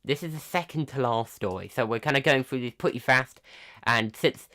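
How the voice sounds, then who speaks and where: A man hosting a live tech news roundup in a casual, halting way, full of pauses, ums and restarts. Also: medium pitch, pushed and bright. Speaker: tech news livestream host.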